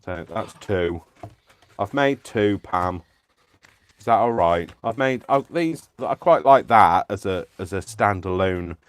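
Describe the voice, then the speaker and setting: A man's voice: fairly low pitch, lively intonation, slow, clear, resonant tone. A man hosting a live crafting stream, chatting playfully and giggling as he works. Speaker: craft channel host. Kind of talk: casual live-stream chat while crafting.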